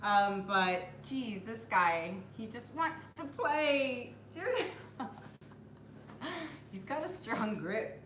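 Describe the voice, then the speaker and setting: A woman's voice: on the high side, expressive, extremely slow, roomy sound, noisy background. A woman hosting a live stream from home, chatting casually, greeting viewers by name and cooing at her puppy. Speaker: acrylic pour artist hosting a live stream. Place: home room with the door closed.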